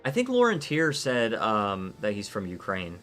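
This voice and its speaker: A man's voice: on the low side, huge pitch swings, moderate pace, fairly bright tone, faint music behind. A man from Florida, chatting casually and rambling through a live game stream while he answers viewer chat. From Florida, United States.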